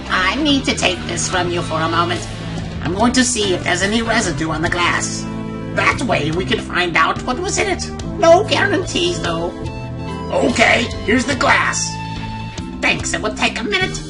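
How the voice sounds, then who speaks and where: A man's voice: high voice, very animated, unhurried, voice pushed up. A grumpy glass blower, swept up in his experiments, barks at intruders in a raised, swooping voice, put on by a man reading game dialogue. He is testy and impatient and swears freely. Game music plays underneath. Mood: irritable.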